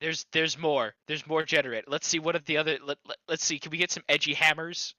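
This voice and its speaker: A co-host in casual stream chat, eager and teasing, jumping in with excited suggestions. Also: medium pitch, fast, no room sound, poor audio.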